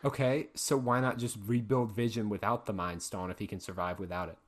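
A man's voice: fairly low pitch, flat delivery, a little fast. A man hosting a casual podcast, skeptically quizzing his co-host and chuckling between points.

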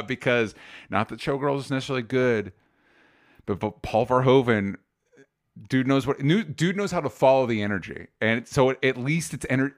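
A man hosting a casual podcast chat, relaxed, with many ums and uhs, reading out chat comments. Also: medium pitch, no room sound, clean studio sound. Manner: relaxed, lots of fillers, reads chat comments. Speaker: podcast host.

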